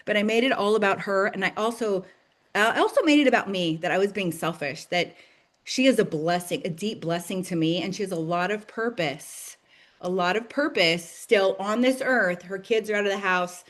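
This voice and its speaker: A woman in her thirties leading a direct-sales team call, chatty and enthusiastic, full of "like"s and "you guys" and quick laughs. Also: medium pitch. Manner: bursts of laughter and excited acted-out quotes. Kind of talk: casual motivational team call.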